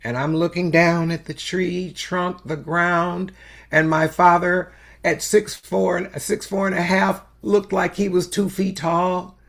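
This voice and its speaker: An older woman telling a story as a sermon, slow and unhurried with long pauses. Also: on the low side, fairly even intonation, creaky. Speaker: spiritual speaker.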